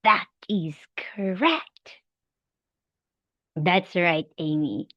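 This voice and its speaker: A woman teaching English to a young child in a demo lesson, slow, animated and encouraging, with animal sounds. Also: lowish voice, no echo, dull audio.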